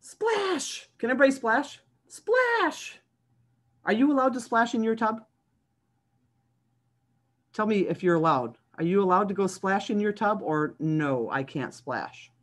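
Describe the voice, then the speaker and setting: A woman who is a children's librarian, hosting a story time over a video call and talking warmly to young children. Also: mid-range voice, fairly quick, long pauses. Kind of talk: read-aloud story time for kids.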